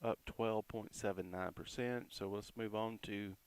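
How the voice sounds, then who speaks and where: A man giving casual, chatty commentary on crypto price charts, reading out support and resistance levels with quick asides. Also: on the low side, fairly even intonation, clear, resonant tone.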